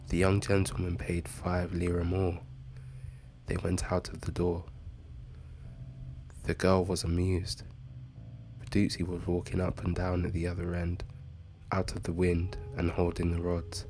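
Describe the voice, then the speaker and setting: A man steadily reading a short story aloud in an unhurried way. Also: sits low, monotone, a little mellow, slight background noise. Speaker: reader.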